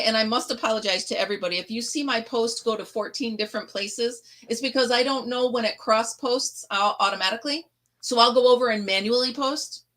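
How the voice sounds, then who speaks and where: Casual host: a chatty middle-aged woman from upstate New York, slightly high voice, laughs a lot. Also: bright, forceful tone. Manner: chatty, laughs often, tells stories with quoted voices. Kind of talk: casual chat.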